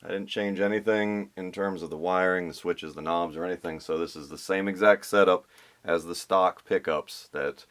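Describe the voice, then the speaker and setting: A man's voice: deep voice, fairly even intonation, moderate pace, a bit bright. A man explaining a guitar pickup swap in a casual, thinking-aloud way with restarts and fillers. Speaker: guitar restorer.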